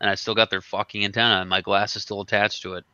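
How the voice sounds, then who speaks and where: A man's voice: on the low side, little pitch movement, quick pace, sharp tone, smooth, no echo. A man hosting a casual chat, telling a rambling, profane story. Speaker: podcast host. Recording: dull lo-fi sound.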